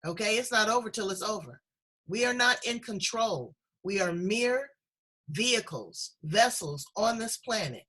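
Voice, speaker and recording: A woman's voice: mid-range voice, expressive, measured pace, bright, forceful tone, slightly rough, rough recording. A woman hosting a casual chat show over a video call, effusive and encouraging, speaking with strong emotion. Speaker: host.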